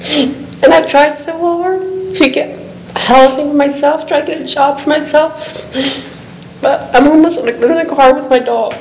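A woman with a high voice speaks at a public meeting with an emotional, pleading tone and a catch of nervous laughter. The room is echoey, and a faint hiss sits under her voice. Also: moderate pace. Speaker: public commenter. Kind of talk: public comment at a town meeting.

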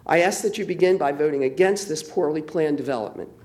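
Man, middle-aged, fairly high voice, urgent public commenter at a meeting podium. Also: fast talker, a little mellow. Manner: urgent, emphatic.

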